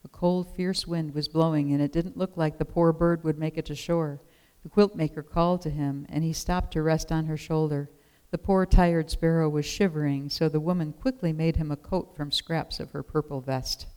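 A storyteller reading a children's picture book aloud in a gentle, expressive way. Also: medium pitch, moderate pace, clean tone, poor audio.

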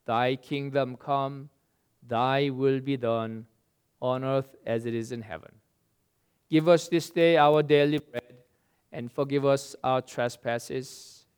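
A man leads a recited prayer, his words drawn out at an unhurried, measured pace. His voice is very clear and smooth, with a solemn, steady delivery. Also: medium pitch. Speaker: prayer leader.

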